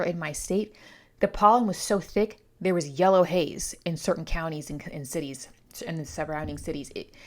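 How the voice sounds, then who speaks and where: Female book vlogger, slightly low voice, stuffy from allergies, chatty and playful with rambling asides. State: congested from allergies. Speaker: book reviewer. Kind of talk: casual vlog book review.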